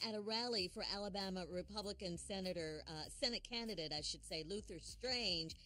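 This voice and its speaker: A woman co-hosting a morning radio show, reading news in a brisk newsreader delivery. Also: mid-range voice, pushed and bright, no room sound. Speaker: radio co-host, news reader.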